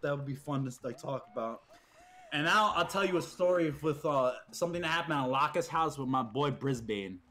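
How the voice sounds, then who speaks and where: A man's voice: a little high, a bit bright. A young man streaming, casually telling stories about friends, swearing and laughing, acting out what they said. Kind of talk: casual storytelling chat.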